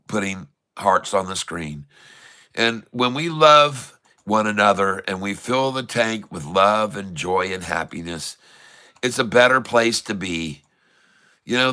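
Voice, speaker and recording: A man hosting a casual livestream, chatting warmly and reading out where viewers are from. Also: fairly low pitch. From Michigan. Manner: chatty, reads out viewers' locations. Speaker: livestream host.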